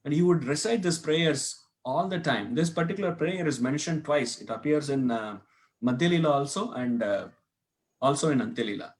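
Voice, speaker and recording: A man's voice: on the high side, normal speed. A man teaching a devotional scripture class, telling a story and asking his listeners questions as he goes. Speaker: class speaker. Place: temple hall.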